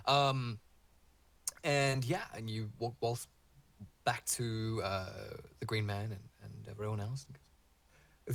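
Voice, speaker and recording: A man's voice: fairly low pitch, little pitch movement, slow pace, gravelly, long pauses, fairly bright tone. A man narrating a tabletop game as dungeon master, playful and laughing often.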